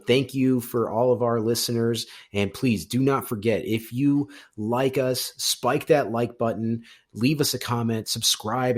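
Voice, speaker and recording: A man co-hosting a casual sports podcast in a laid-back, rambling way, speaking into a studio microphone. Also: medium pitch. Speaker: podcast co-host.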